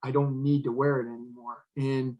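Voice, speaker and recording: A man's voice: mid-range voice, little pitch movement, moderate pace, muffled recording. An older man, a retired fire chief, telling a personal story as an interview guest, earnest and acting out the dialogue he quotes. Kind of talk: emotional storytelling in conversation.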